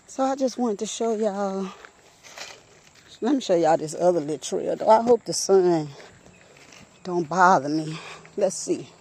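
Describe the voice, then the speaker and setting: A vlogger walks a nature trail outdoors, talking casually into a handheld phone and a bit out of breath as she chats with her viewers, whom she keeps calling y'all. Her voice is low-ish, husky and darkish in tone.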